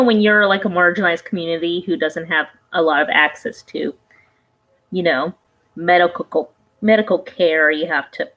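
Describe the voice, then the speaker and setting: A woman's voice: on the low side, lo-fi sound. A woman vlogger giving casual reaction commentary, rambling and conversational, often trailing off and restarting her thoughts.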